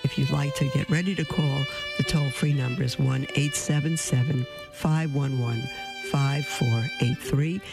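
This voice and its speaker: A woman hosting a call-in radio show, telling stories in an animated way and acting out the voices of the people in them. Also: extremely low pitch, unhurried, over music. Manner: animated, acts out quoted voices, laughs often.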